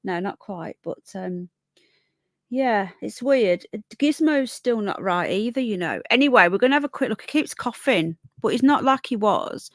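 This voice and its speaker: A woman's voice: medium pitch, expressive, normal speed, no room sound, clean studio sound. A woman with a Birmingham accent tinged with Yorkshire, rambling through a casual livestream chat and greeting viewers by name. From Birmingham, England. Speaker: livestream host. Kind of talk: casual live chat, reading comments.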